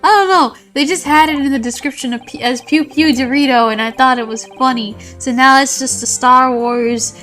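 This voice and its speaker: A woman streaming a game, chatting loosely to her viewers in a tired, rambling way. Her humor runs dry and sarcastic, with playful mock insults. Her voice sits somewhat high for a woman. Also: normal speed, few pauses, a bit bright, soft background music. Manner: rambling, self-mocking, sarcastic. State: tired, yawning. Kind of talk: casual game-stream chat.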